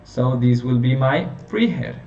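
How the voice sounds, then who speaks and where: A man teaching a phonetics lesson, explaining slowly and checking in with his listeners. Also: medium pitch, lively intonation, darkish tone, soft background music. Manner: slow, explanatory, checking in with "okay?". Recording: roomy, distant, dull lo-fi sound with faint hiss.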